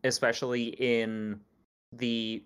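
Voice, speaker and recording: A man hosting a casual podcast chat, explaining things in a measured way. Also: medium pitch, little pitch movement, fairly bright tone, clear, resonant tone. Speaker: podcast host.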